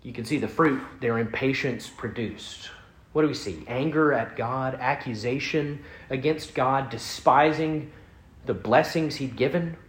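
A man preaching a sermon as pastor, earnest, building emphasis and then dropping soft. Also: medium pitch, a little slow, roomy sound.

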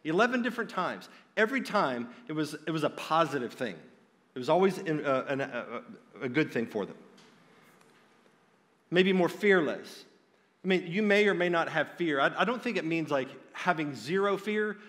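A man's voice: on the high side, expressive, normal speed, fairly bright tone, in a large hall. A man preaching a sermon in an earnest, direct way, often restarting his phrases.

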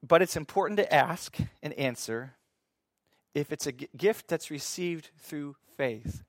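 A man teaching from the Bible in a sermon, reading scripture slowly and asking his listeners questions that he then answers himself. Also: fairly high pitch, lively intonation, dry recording, clean studio sound. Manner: reads scripture slowly and deliberately. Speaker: preacher.

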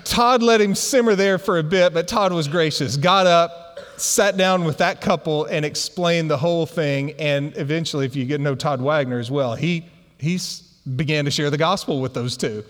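A man preaching a sermon and telling a funny story in an animated way. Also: fairly high pitch, moderate pace. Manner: animated storyteller who laughs through his anecdotes. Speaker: pastor. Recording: long hall reverb.

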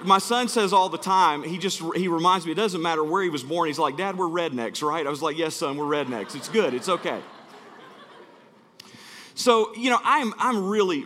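A man's voice: a little high, bright, forceful tone, long reverb tail. A middle-aged man from Alabama, preaching as a guest speaker and telling self-deprecating stories in a chatty, joking way. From Alabama, USA. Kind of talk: sermon. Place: church sanctuary.

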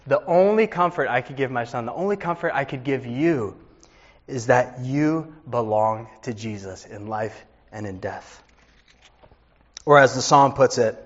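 A man's voice: mid-range voice, unhurried, muffled recording. A man in his thirties, a pastor preaching a sermon with earnest storytelling.

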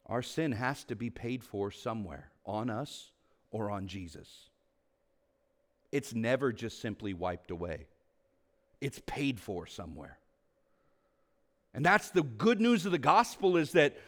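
A male pastor preaching earnestly to his congregation at a mid-range pitch. He rises to emphatic high points, then drops low and quiet for asides. He often puts questions to the listeners. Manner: asks the congregation rhetorical questions. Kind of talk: sermon.

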